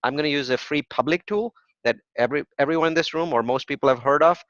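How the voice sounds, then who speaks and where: A man leads a real estate workshop with a somewhat high voice. He delivers his points emphatically, throws out rhetorical questions and answers them, and keeps checking in with "right?". The recording is dull and dry, with a muffled lo-fi sound. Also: fast talker, a bit bright, no room sound. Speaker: real estate investing instructor. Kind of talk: live workshop presentation with web demos.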